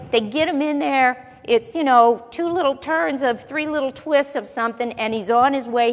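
A woman's voice: sits high, long reverb tail. A woman giving a chatty Bible teaching, asking her listeners rhetorical questions as she goes.

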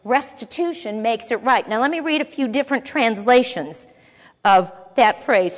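A woman's voice: a little high, animated, moderate pace. Woman teaching scripture in an echoing hall. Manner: conversational, reading scripture aloud with frequent asides. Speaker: Bible teacher. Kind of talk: sermon. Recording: long echo of a large hall.

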